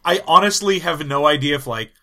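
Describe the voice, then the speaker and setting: A man's voice: a little high, a little fast, sharp tone. A man co-hosting a podcast, chatting casually about a film with dry, sardonic quips. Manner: sardonic quips, mock reactions. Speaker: podcast co-host. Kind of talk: casual chat reviewing a film.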